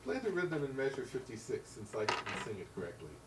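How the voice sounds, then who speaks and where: A man's voice: mid-range voice, very animated, brisk, very noisy. Man coaching piano in a roomy room. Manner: sings rhythms in syllables and counts beats aloud. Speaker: piano teacher. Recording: roomy sound, mic at a distance, loud piano. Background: piano playing.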